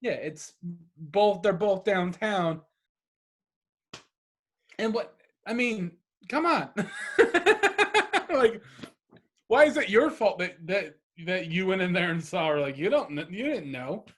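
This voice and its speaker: A man's voice: high-pitched, animated, slow, long pauses, fairly bright tone. Man chiming in on a podcast. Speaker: podcast co-host. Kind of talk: casual chat.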